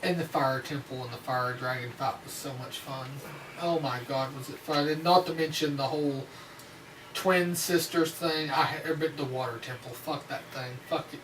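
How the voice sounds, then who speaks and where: Excited man in an echoey room. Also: on the high side, moderate pace. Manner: enthusiastic, swearing, stumbling restarts. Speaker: co-host. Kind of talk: casual group chat. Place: room at a table. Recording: roomy echo, distant mic, faint noise.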